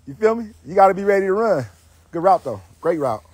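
A man coaching football drills outdoors, barking commands and teasing his players with loud, energetic trash talk. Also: high voice, a little fast, breathy edge.

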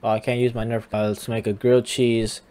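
A man's voice: medium pitch, little pitch movement, fairly quick, mellow. A young man giving casual game commentary, teasing and talking back to the characters on screen. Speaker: gamer.

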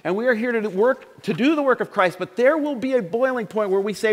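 A middle-aged man preaches a sermon as pastor of a church, speaking conversationally and joking with the congregation. He talks at normal speed in a high-pitched voice, hardly pausing. The sanctuary gives the recording a long hall reverb.

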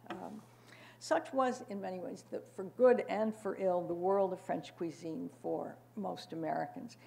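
A woman's voice: fairly low pitch, a little slow, creaky, dark tone. An older woman giving a prepared panel talk in a wry manner, with frequent fillers and asides. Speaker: panel speaker.

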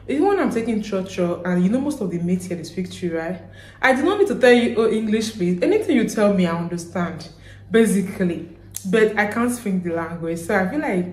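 A woman's voice: lowish voice, a little mellow, a little hiss or hum. A woman with a Nigerian accent, chatting casually to her vlog audience and acting out little bits of dialogue as she rambles and corrects herself. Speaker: vlogger. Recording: roomy echo.

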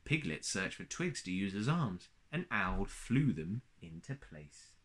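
A man reading a children's story aloud in a gentle, expressive way. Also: lowish voice, a little slow.

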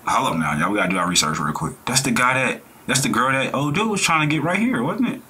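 Reaction host, man, blunt slang, preachy and animated, forceful edge. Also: medium pitch, fast talker, slight background noise. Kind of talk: casual reaction commentary.

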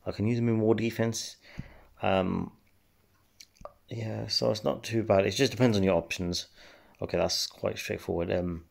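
Brief: gaming host, low-pitched, gravelly, laid-back rambling commentary. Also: male voice. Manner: relaxed, rambling, many fillers. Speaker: game channel host. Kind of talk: casual gameplay commentary.

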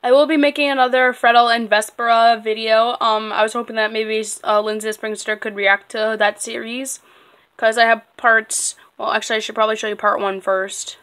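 Excitable young woman rambling to camera. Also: a little high, moderate pace. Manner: rambling, excitable, full of fillers. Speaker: channel creator. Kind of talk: casual fan vlog chat.

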